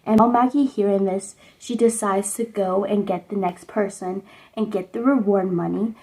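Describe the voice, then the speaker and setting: A woman's voice: mid-range voice, fairly even intonation, normal speed, mellow, low-quality recording. Young woman vlogger, chatty and rambling, recaps a movie at home, full of fillers. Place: indoors at home under a sunset lamp.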